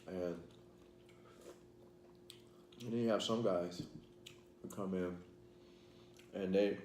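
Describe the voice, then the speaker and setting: Deep-voiced man rambling while he eats. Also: steady tone, slow, a little mellow. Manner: rambling, eats while talking, many fillers. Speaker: channel host. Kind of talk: casual vlog talk. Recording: echoey room, faint background noise.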